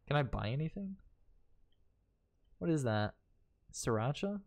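A man's voice: mid-range voice, sing-song, measured pace, long pauses. Joking, profane male gaming streamer. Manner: joking, profane, laughs often. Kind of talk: casual horror let's play commentary.

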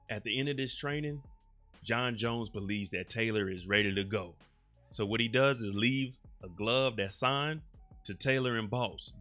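A man casually recapping a TV episode in an animated way, slipping into the characters' lines, with AAVE speech and light music behind him. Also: mid-range voice. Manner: animated, acts out characters' lines in quick bits. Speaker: recap host.

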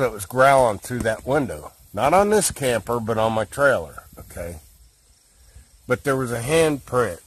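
A man of ordinary pitch walks a listener through an incident in blunt, plainspoken words. His voice is recorded close and dry, with no room around it. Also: dry recording. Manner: plainspoken, rough-edged, gestures while explaining. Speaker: guest recounting an encounter. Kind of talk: casual explanation to camera.

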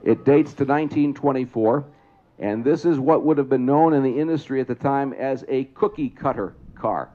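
Dull audio captures a man announcing a trolley parade to people gathered outdoors at a trolley museum event. He talks at normal speed and medium pitch, giving public address commentary that explains things and invites audience answers.

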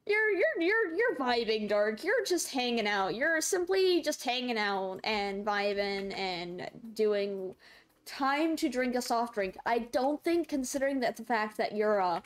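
In this clip the college-age streamer sounds a little high and expressive, speaking at a measured pace. She plays a game while chatting with her audience, laughing often and reading chat messages aloud to answer them.

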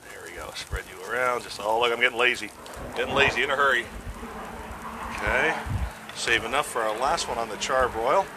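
A man's voice: medium pitch, a little fast, noisy background. A middle-aged man hosting a casual grilling demo outdoors, chatty and self-mocking as he cooks. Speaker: grilling show host.

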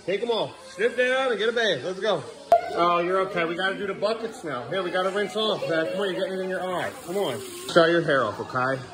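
A man's voice: high-pitched, expressive, a little fast, very noisy. Coaxing dad hurrying his kids along. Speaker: father filming his kids. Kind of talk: casual family vlog. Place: at home.

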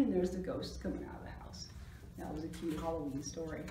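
A woman librarian reading a picture book aloud to children, with animated, chatty asides about the pictures. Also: low voice, fairly quick. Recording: roomy echo, distant mic, faint noise.

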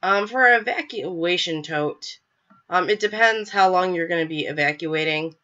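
A woman's voice: fairly low pitch, moderate pace, sharp tone, muffled recording. A young woman hosting a live show, talking casually with lots of fillers, stuffy from a cold. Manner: chatty, filler-heavy, apologetic. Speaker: podcast host. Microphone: webcam.

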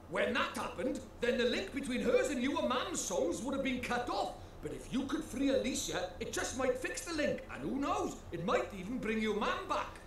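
A man's voice: very high voice, fairly bright tone, heavy reverb, slight background noise, full character voice. An actor playing a cheeky, boastful male fairy lord, chatty and folksy in a video game. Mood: explaining. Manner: cheerful, folksy, calls people lad. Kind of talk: game voice acting.

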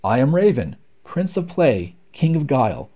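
A cocky, cunning raven boasts in a steady rapping cadence, as a man reads him in a storybook poem. The tone is mellow and dark, with lively rises and falls. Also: mid-range voice, normal speed, lo-fi sound. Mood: boastful.

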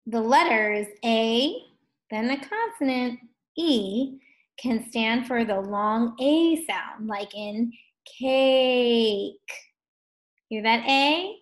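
Female first grade teacher, slow and stretched out, a bit high, gently encouraging. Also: expressive. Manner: slow, drawn-out words sounded out for children; gentle, encouraging questions to young learners. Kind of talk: distance learning phonics lesson.

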